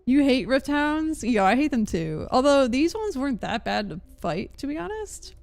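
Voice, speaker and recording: High, giggly woman streamer, dry sound. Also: big pitch swings, moderate pace, gravelly, a little mellow, no echo. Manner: chatty, giggly, lots of "like". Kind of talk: casual live-stream chat.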